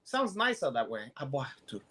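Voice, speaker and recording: A man with a Brazilian Portuguese accent, a podcast co-host trading goofy jokes and loud impressions in casual banter. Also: on the high side, animated, moderate pace. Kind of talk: joking banter.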